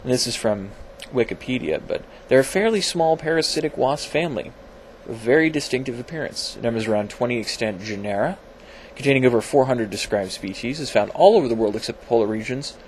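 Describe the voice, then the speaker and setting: A man's voice: mid-range voice, animated, brisk, few pauses, slight background noise. Rambling man in a casual science vlog. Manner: rambling, self-deprecating, lots of fillers and restarts. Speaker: video blogger. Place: home, at his computer.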